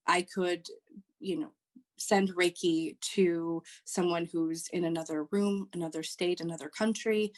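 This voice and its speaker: A woman, a social worker and Reiki practitioner, explaining her work as a podcast guest in a halting way with many fillers. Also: on the low side, darkish tone. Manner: hesitant, many ums and restarts. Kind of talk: podcast interview.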